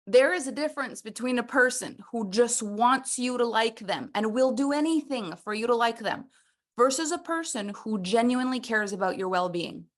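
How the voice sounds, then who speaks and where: A woman coaching a personal development workshop, animated and playful, acting out little scenes as she teaches. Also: on the high side, normal speed.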